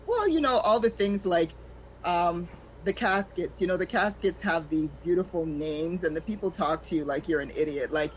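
A woman in her forties, a stand-up comedian telling stories in a frank, animated way, acting out other people's lines as she talks. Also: on the low side, moderate pace, a little hiss or hum, poor audio. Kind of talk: storytelling in a podcast chat.

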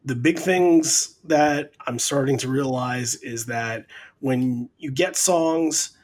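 A man's voice: medium pitch, slow pace, darkish tone. A man hosting a casual podcast, talking through a live concert recording with a lot of repeated words and bursts of enthusiasm. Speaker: podcast host reviewing a concert. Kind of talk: casual music discussion.

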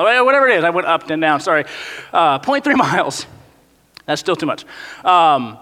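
A man preaching with a high, bright voice, chatty and animated. He acts out the grumbling lines he quotes. His voice carries a long echo from a big hall. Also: brisk. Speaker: pastor. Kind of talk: sermon. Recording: long reverb of a large hall.

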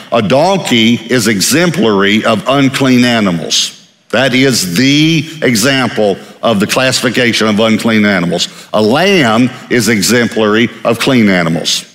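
A man from Texas preaches an emphatic, conversational sermon and often repeats words for stress. His voice sits in a middle pitch range. The sound carries the long reverb of a large church hall. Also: fairly bright tone. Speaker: pastor.

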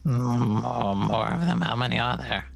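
A man's voice: medium pitch, level tone, normal speed, creaky, pitched above the performer's own voice. A man voicing a small, timid male goblin who stammers and half-whispers. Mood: shy.

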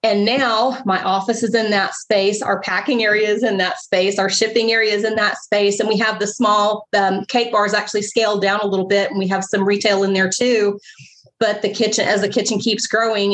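A woman's voice: mid-range voice, level tone, normal speed, fairly bright tone, rough recording. A middle-aged woman, a bakery owner, telling her story in an interview, emotional and rambling.

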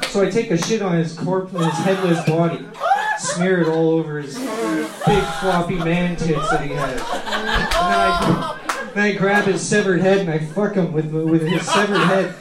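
A man's voice: high voice, animated, moderate pace, very noisy. A man doing a crude, rambling stand-up set, captured live in a club with the audience laughing. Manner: rambling, crude, absurd storytelling. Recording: roomy live club recording with loud crowd.

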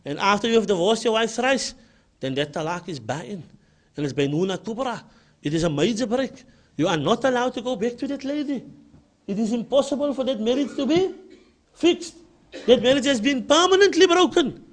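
A man's voice: very high voice, lively intonation, a little fast. A man with a Cape Town South African accent giving an emphatic religious lecture and often repeating his key points. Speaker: Islamic lecturer.

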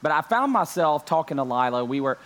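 A man's voice: fairly high pitch, a little fast. A young man, a pastor, opening an online church service from home, joking with his viewers and dropping frequent amens. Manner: joking, lively preaching with many amens. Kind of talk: online church sermon intro. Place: home during lockdown.

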